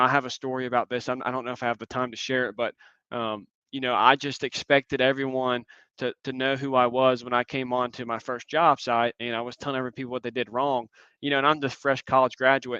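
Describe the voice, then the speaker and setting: Earnest young man, bright crisp voice. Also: mid-range voice, dry recording, lo-fi sound. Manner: earnest, reflective, frequent ums. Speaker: guest speaker. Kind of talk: casual conference talk.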